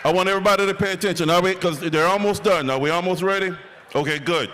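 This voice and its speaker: A man's voice: sits high, fast talker, fairly bright tone. A man leading a rally crowd in call-and-response, preacher-like with rhythmic lists and half-sung lines. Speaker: rally warm-up speaker.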